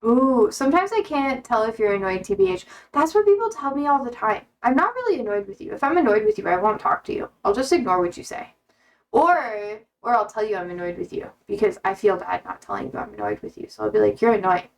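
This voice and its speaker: A young woman with a slightly high voice chats loosely on a livestream. She reads viewer comments aloud and answers them bluntly. She swears freely and laughs often. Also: very animated, quick pace. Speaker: streamer. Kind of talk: casual chat reading viewer comments.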